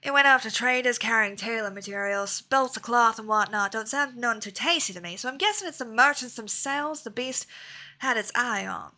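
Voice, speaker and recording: Swaggering male hunter, southern drawl, folksy game-dialogue read, voiced by a woman, a touch high. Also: normal speed, bright, forceful tone. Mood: cocky, folksy. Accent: put-on American Southern. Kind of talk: reading game dialogue aloud.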